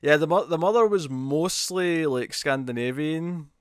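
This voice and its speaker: A man co-hosting a casual review chat, talking in animated bursts full of restarts and repeated words. His voice sounds smooth and resonant. The recording is dry, with no room sound. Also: on the high side, unhurried, dry recording. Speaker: podcast co-host.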